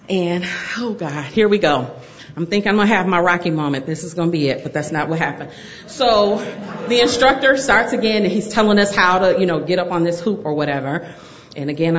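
A middle-aged woman telling a personal story to an audience, animated and laughing through it. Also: fairly low pitch, lo-fi sound.

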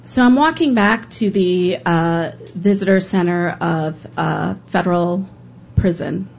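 A woman's voice: fairly low pitch, unhurried, creaky. Woman telling a serious story, kinda hesitant, lots of uh, muffled sound with some hiss. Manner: earnest, hesitant with fillers. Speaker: public defender. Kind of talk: live stage storytelling. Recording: dull lo-fi with faint noise.

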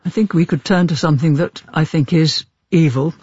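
A man's voice: on the high side, steady tone, fairly quick, darkish tone, husky, dry recording, highs cut off. A male interviewer asking long, articulate questions about a book. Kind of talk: literary interview.

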